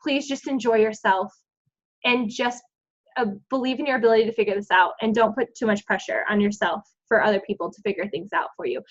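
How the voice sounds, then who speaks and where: Upbeat woman coach, fairly high voice, chatty and encouraging, muffled lo-fi recording. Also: fairly even intonation, brisk. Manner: bubbly and encouraging, lots of "like" and "um". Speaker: team coach leading a group call. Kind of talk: casual pep talk to a team. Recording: dull lo-fi sound.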